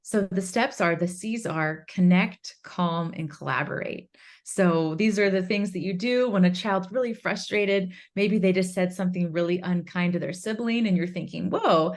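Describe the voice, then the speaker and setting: A woman guest, an author and curriculum instructor, explaining a parenting framework in an interview, earnest and acting out gentle phrases a parent might say. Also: on the low side, moderate pace.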